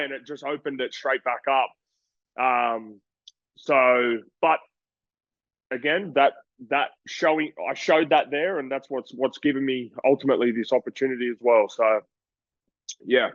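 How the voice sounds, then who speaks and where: A man's voice: medium pitch, moderate pace, dry recording, dull audio. A young Australian man, a boxer, talking casually in an interview, rambling and acting out voices as he tells stories. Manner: rambling, animated storytelling with voices.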